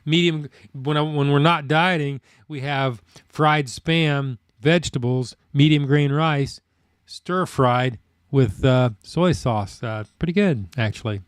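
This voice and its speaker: A man chats with his live-stream viewers, rambling through fast-food gripes in a folksy, unhurried way. His middle-aged voice sits slightly high and sounds smooth and resonant. The recording is dry and close, with no room sound. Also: no echo. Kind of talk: casual live-stream chat reading viewer comments.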